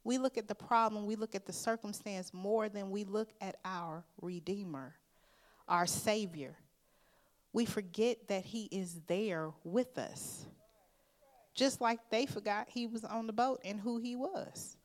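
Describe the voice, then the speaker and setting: A woman's voice: medium pitch, a little slow. A woman preaching a sermon. She tells a personal story in an earnest, emphatic way, speaks informally, and addresses the congregation directly as "y'all.". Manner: informal, conversational phrasing.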